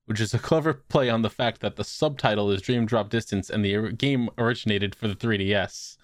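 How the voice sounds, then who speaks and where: A man's voice: on the low side, brisk, no room sound. A man hosting a casual podcast, reading listener questions aloud with dry jokes.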